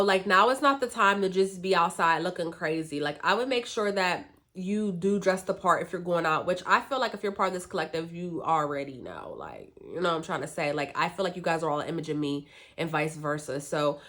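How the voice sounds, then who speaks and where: A woman's voice: lowish voice, fairly bright tone. A woman from the northern US East Coast giving a chatty, loose tarot reading to her viewers, full of fillers and asides. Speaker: tarot reader.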